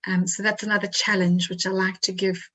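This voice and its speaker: A woman's voice: mid-range voice, level tone, a little fast, a bit bright, poor audio. A woman with a South African accent, a nutritional therapist giving a health talk over slides, hesitant, with many fillers and restarts.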